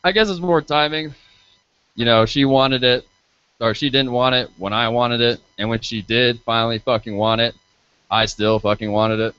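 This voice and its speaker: A man's voice: mid-range voice, fairly even intonation, normal speed, fairly bright tone, clean tone, no room sound. A man doing a live stand-up set in a bar, swearing freely and teasing himself and the crowd. He talks on a handheld stage mic. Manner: crude, profane, self-deprecating banter with the crowd. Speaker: stand-up comedian and radio show host. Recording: dull lo-fi live stream audio.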